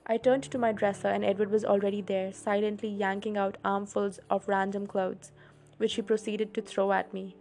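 Woman hosting a read-along, expressive storytelling voice, mid pitch. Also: moderate pace. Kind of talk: audiobook reading.

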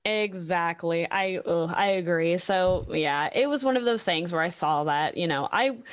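A young woman streamer telling a story in casual conversation, animated, acting out what people said with lots of "like". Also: lowish voice, a little slow. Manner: animated storytelling, acting out quoted exchanges, many likes. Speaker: Twitch streamer.

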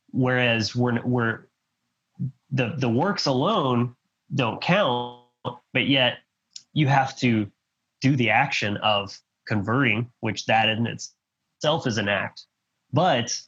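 Husky man talking haltingly on a podcast. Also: medium pitch, a bit bright. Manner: halting, many restarts, blunt. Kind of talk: casual podcast conversation. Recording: dull lo-fi sound.

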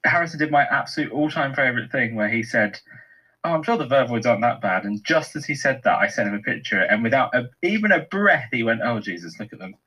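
Husky-voiced man chatting on a podcast. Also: medium pitch, animated, fast, sharp tone, poor audio. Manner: chatty, gushing, storytelling. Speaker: podcast co-host. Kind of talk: casual commentary chat.

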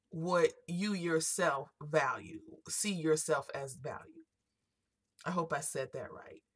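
A woman hosting her own self-help podcast, talking through motivational encouragement in a relaxed, conversational way. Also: fairly low pitch, dry recording. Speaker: podcast host.

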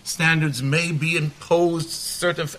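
A man answering a question on a panel as a rabbi, earnest and measured, dropping in Hebrew terms. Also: fairly high pitch, fairly even intonation, fairly bright tone.

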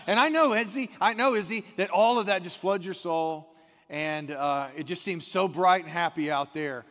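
A male pastor preaching in a church, his voice a touch high and gravelly, with a long echo trailing his words. He tells stories in a chatty, animated way. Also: normal speed. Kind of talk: sermon.

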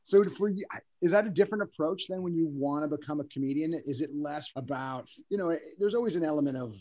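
A man's voice: on the high side, fast, dark tone. A man hosting a casual interview, asking probing, conversational questions. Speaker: podcast host.

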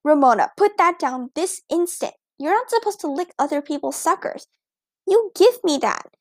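A bossy, prim schoolgirl who orders her little sister about, as a woman reading aloud puts her on. The voice is high with a slight gravelly fry, recorded dry and close. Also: lively intonation, moderate pace, no echo. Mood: scolding. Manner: bossy, correcting.

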